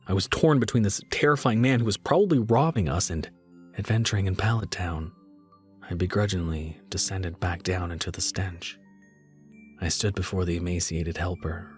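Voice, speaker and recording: A man reading a horror story aloud in a measured way, slowing down for dread. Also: low-pitched. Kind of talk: scripted horror narration.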